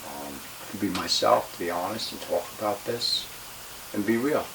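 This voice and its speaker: Low-voiced man, heated, profane storytelling. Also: expressive, normal speed, vocal fry. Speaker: retired pro wrestler. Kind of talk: shoot interview storytelling. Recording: distant mic with faint hiss.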